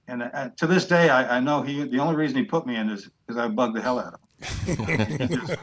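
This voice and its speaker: A man's voice: mid-range voice, a little fast, poor audio. A man guest on a podcast, telling stories in a blunt, plainspoken way. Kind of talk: casual storytelling.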